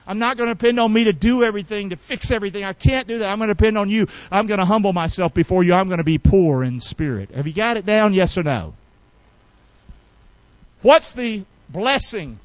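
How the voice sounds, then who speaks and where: High-pitched preacher man, folksy, keeps getting the crowd to say it back, dry slightly dull sound. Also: no echo. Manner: call-and-response preaching, rising to shouts; folksy, colloquial. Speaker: pastor. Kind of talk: sermon.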